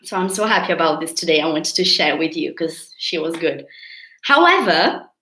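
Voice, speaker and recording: A woman's voice: low voice, sing-song, moderate pace, bright, forceful tone, roomy sound, rough recording. A woman with a Brazilian accent teaching English in a live online lesson, chatty with her viewers and stretching out key words. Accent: Brazilian Portuguese.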